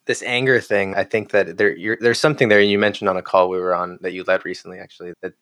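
A male podcast host with a very low voice pauses and searches for words as he asks a question. The sound is dry, with no room echo. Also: steady tone, a bit bright. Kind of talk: casual interview chat.

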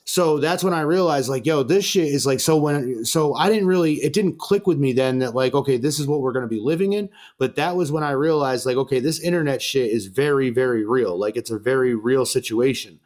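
A young man in the host's chair, spinning a story in an easygoing, loose way. His voice sits at an ordinary middle pitch for a man, and he swears freely, drops in fillers, and acts out what people said. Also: a little fast, few pauses, a little mellow. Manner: laid-back, profane, lots of fillers, acts out quotes. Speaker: podcast host. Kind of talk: casual storytelling chat.

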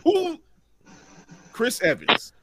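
A man's voice: very high voice, very slow, background noise. A man co-hosting a podcast in casual chat, stammering and repeating himself as he talks. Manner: stammering, expressive. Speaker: podcast co-host.

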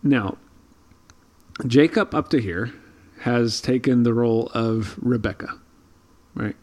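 A man's voice: mid-range voice, slow pace, a little mellow. A man co-hosting a casual Bible study podcast, explaining thoughtfully with frequent ums and restarts. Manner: thoughtful, many fillers and restarts. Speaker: podcast co-host.

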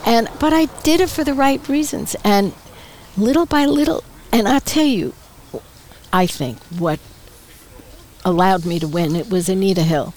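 An older woman, a retired politician, chatting as a guest in an interview on an outdoor patio, telling stories with animated quoted voices and frequent laughs. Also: medium pitch, normal speed, poor audio. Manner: lively storyteller, acts out quoted voices, laughs often. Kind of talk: casual interview chat.

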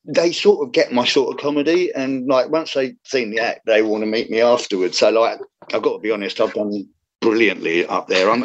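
A man's voice: fairly low pitch, muffled recording. A man, a comedian chatting in an interview, rambling with many restarts. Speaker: comedian guest. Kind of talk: casual interview chat.

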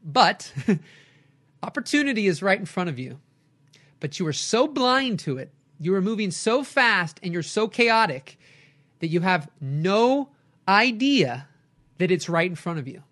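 High bright energetic man coaching. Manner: energetic storytelling with lively quoted voices. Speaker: coach and podcast host. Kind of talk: motivational talk, live stream.

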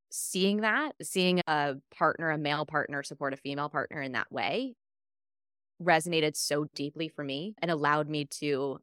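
A woman's voice: low voice, no echo, studio quality. A woman co-hosting a podcast, telling stories in casual chat and acting out the dialogue. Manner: animated storyteller, acts out quoted dialogue. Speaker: podcast co-host.

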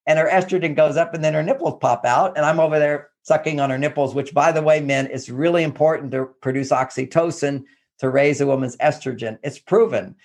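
A man giving relationship advice through lively personal anecdotes, acting out what people said. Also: fairly high pitch, a little fast. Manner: animated storyteller who acts out quotes. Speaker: guest relationship expert.

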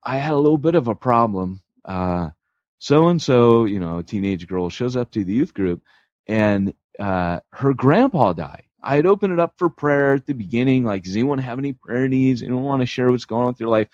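A man putting on the voice of an overexcited, joyful grown man leading a youth group, eager and loud. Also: mid-range voice, animated, normal speed, no echo, muffled recording, pitched above the performer's own voice, natural voice.

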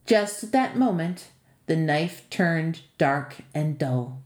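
A woman's voice: low voice, slow. Brief: woman podcast narrator, lilting fairy-tale delivery, roomy recording. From Canada. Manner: lilting, expressive storytelling. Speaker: storyteller and podcast author. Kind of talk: scripted fantasy narration. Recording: echoey room.

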